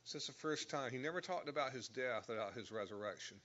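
Bright-voiced man teaching Scripture. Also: mid-range voice, lively intonation, fast, lo-fi sound. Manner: explains verse by verse, stresses key words. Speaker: Bible teacher. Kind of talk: sermon.

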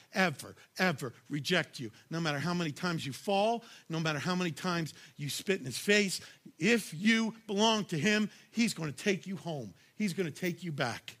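A male pastor with a high, bright, ringing voice delivering a sermon. He talks conversationally and directly to the congregation. He hammers home his points with bursts of raised volume. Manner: emphatic, punchy, shouts key lines; conversational, addresses audience directly.

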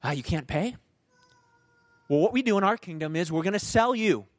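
A man's voice: high voice, animated, normal speed. A man voicing a stern, powerful king in a parable he retells in a sermon. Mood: matter-of-fact. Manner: questioning, then pronouncing judgment.

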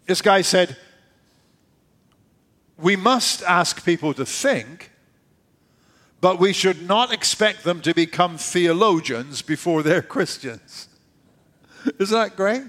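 A man with a high voice preaching a sermon. He talks in a conversational way and often drops low and quiet to land a point. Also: expressive, takes it slowly, pauses often. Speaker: pastor.

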